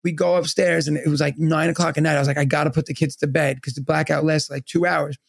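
A gravelly-voiced man in his thirties tells a long, rambling story on a podcast, full of fillers and restarts. His voice sits a little high for a man, and the close mic sounds dry. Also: fast talker, dry recording. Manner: rambling, animated anecdote teller with many fillers. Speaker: podcast co-host. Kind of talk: casual storytelling.

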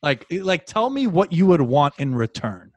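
A man hosting a casual sports talk show, loose and jokey, with animated bursts of emphasis. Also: a little high, normal speed, no echo. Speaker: podcast host.

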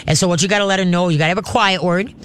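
A man's voice: high-pitched, steady tone, rapid-fire, fairly bright tone, slight background noise. A man hosting a call-in radio show, giving dog training advice in a folksy, chatty way.

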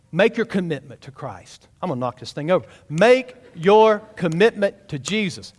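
Pastor in the pulpit, high-pitched, emphatic, pushes the congregation to respond. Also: male voice, sing-song, moderate pace. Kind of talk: sermon. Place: church sanctuary.

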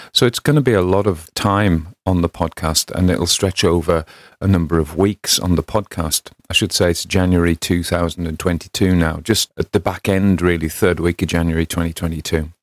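A middle-aged man, host of a storytelling podcast, reading a classic novel aloud and chatting in an unhurried, wry way. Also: low-pitched, no room sound.

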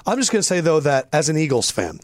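A man co-hosting a casual sports podcast, animated and jokey, sometimes putting on mock voices. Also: a little high, quick pace, dry recording. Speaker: podcast co-host.

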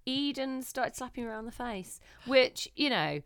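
A woman's voice: fairly high pitch, normal speed, smooth, no echo, clean studio sound. A woman, co-hosting a casual chat podcast and telling stories animatedly. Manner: animated storytelling, acts out her own reactions. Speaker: podcast co-host.

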